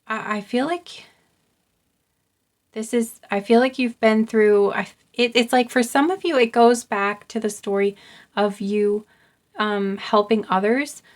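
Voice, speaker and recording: A young woman giving an encouraging pick-a-card reading, speaking in a soft, halting way with many pauses and repeated words. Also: on the high side. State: getting choked up. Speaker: tarot card reader.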